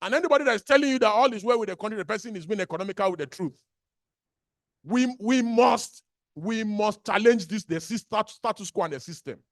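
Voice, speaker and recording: A man with a Nigerian accent delivers a fiery public speech in a notably high voice. He hammers his points home by repeating whole phrases. The sound is close and dry, with no room around it. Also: lively intonation, fairly quick, no echo. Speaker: activist speaker at a birthday gathering.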